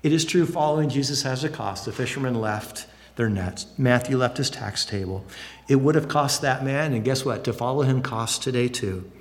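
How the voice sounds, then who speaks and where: A man preaching a sermon, lively and expressive, acting out excited voices now and then. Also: moderate pace. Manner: animated, acts out excited voices with big pitch jumps. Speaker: pastor. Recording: long hall reverb.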